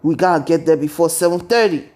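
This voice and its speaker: A man voicing a strict, rule-minded teenage boy class leader who speaks briskly. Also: fairly high pitch, darkish tone, natural voice. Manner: brisk, fussy about being on time.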